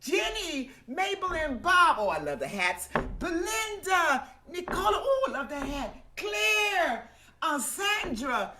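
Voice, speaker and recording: A high, bright woman's voice bursting with delight as she welcomes a livestream audience. She whoops and calls out names one after another, unhurried and warm, heard over a video-call mic. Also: a little hiss or hum. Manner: exuberant, whooping, greeting viewers by name. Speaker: guest host of a livestream singing program.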